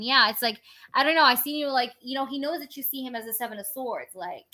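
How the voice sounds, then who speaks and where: A woman's voice: high voice, quick pace, sharp tone. A woman reading tarot cards live for her viewers, talking in a chatty, rambling, informal way and cursing casually. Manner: rambling, with many filler phrases. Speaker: tarot reader.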